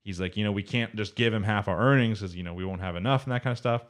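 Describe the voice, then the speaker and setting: Low-voiced guy rambling through an anime recap, casual podcast chat. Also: fast talker. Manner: rambling recap, quoting characters in his own voice.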